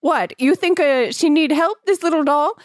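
A woman's voice: high-pitched, moderate pace, no room sound, studio quality, voice pushed up, natural voice. A woman voicing a fussy, overly jolly old male shopkeeper with a put-on Italian accent and a sing-song, doting manner.

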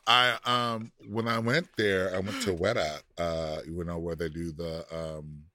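A man's voice: low-pitched, flat delivery, measured pace, sharp tone, no echo. A man co-hosting a podcast in casual chat, sassy and drawling, laughing often. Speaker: podcast co-host.

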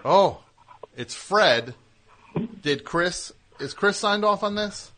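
A man's voice: high-pitched, expressive, slow pace, fairly bright tone. Teasing, rambling male radio host. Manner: teasing, riffing in long rambling runs. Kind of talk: call-in comedy banter.

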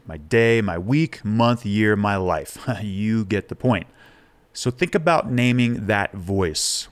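A man hosts a podcast in a candid, relaxed monologue. His voice sits a little low. He talks openly and casually, swearing now and then. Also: clear, resonant tone. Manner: frank, casual, swears freely. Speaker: podcast host.

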